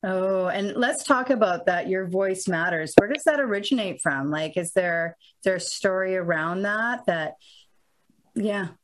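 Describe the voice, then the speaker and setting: A woman's voice: medium pitch, a little slow, rough recording. A woman hosting a podcast, asking a guest questions with casual curiosity. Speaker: podcast host. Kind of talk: casual interview.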